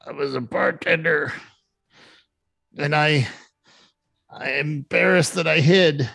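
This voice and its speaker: Brief: man voicing a timid woman bartender, apologetic and hesitant, pitched up. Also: gravelly, a bit bright, no echo, heavily acted. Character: nervous young woman bartender, shaken survivor.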